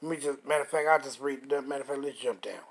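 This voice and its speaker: A man reading scripture aloud and commenting on it, profane and combative, slowing down to stress the verses. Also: mid-range voice, steady tone, slight background noise. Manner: profane and combative, reads verses slowly and forcefully.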